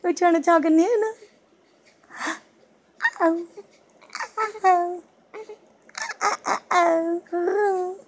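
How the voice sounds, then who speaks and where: Grandmother filming her grandson on her phone: a very high, slow, coaxing baby-talk voice. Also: steady tone, a little hiss or hum. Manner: coaxing, sing-song. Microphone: phone held while filming.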